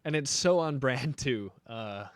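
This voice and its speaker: A man's voice: mid-range voice, lively intonation, measured pace, no echo. A young man chatting casually on a live stream while making beats, joking and rambling playfully.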